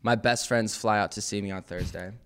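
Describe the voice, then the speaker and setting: A young man, a podcast guest, telling a long anecdote in a casual, animated way, full of "like" and quick laughs. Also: on the low side, clean tone. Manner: animated, heavy use of "like", laughs often. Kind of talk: casual storytelling.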